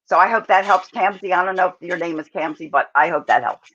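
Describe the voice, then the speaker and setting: A woman parenting coach giving calm, measured advice as she answers viewers' questions in an online talk. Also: on the low side, slightly rough. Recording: dull lo-fi audio.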